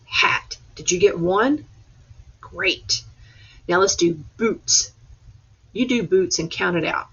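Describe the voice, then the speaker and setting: A woman's voice: fairly low pitch, vocal fry, a bit bright, breathy edge. A woman teacher, giving a patient, step-by-step remote class lesson over a webcam. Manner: slow, patient step-by-step instruction. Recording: dull lo-fi webcam audio.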